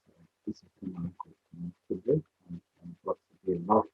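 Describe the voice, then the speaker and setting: A man telling a story aloud in a relaxed oral style, switching his voice for the characters. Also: normal speed, vocal fry, breathy edge, dry recording. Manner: voices the characters with rising pitch for the child. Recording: dry, tinny phone-like sound.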